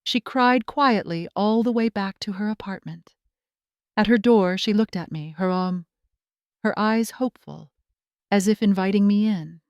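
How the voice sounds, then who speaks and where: A woman narrating a first-person drama story in a steady, scripted storytelling delivery. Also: medium pitch, unhurried, clean tone, dry recording, highs cut off.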